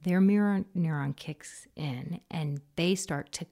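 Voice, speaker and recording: A woman giving parenting advice in casual conversation, animated and often acting out soft, low quoted voices. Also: slow, vocal fry. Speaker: parenting expert.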